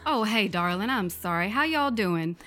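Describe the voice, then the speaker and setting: A woman voicing a brash older Southern grandmother who drives a truck, talking loud, blunt and folksy with a Southern accent. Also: medium pitch, lively intonation, moderate pace, close to an everyday voice. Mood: weary.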